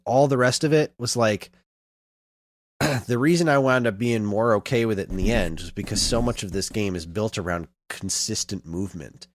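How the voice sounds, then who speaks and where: A man in his thirties co-hosting a podcast, telling a long story in casual chat and getting animated as he retells it. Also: fairly low pitch, normal speed, no room sound. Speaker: podcast co-host.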